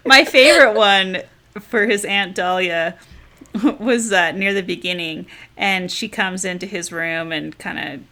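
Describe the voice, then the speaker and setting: A woman with a bright, forward voice talks through a funny novel with friends. She is lively and chatty, and often slips into put-on voices for the passages she reads out. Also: fairly low pitch, measured pace. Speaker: book club member. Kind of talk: casual book chat.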